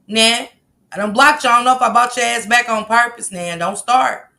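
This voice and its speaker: A woman's voice: medium pitch, normal speed, creaky, pushed and bright. A woman hosting a casual livestream, reading the chat aloud and bluntly scolding commenters. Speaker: livestream host.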